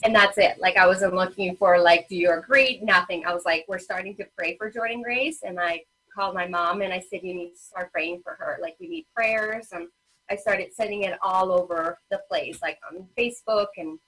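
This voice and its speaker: Woman, 30s, husky, heartfelt conversational storyteller, lots of "um" and "like". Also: lowish voice, moderate pace, pushed and bright, rough recording. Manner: emotional storytelling with many fillers. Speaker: guest, parent advocate and children's author. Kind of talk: personal story in a casual interview.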